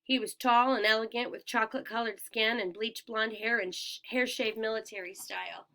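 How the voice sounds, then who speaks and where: Woman reading a kids novel out loud, bright and a bit high, expressive. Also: a little fast. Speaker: audiobook reader. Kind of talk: first-person audiobook narration.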